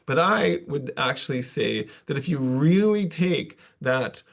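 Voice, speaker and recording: A man's voice: fairly high pitch, animated, a little slow, creaky. A man giving a conference talk, telling a story in a casual, self-deprecating way with loose asides. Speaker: conference presenter.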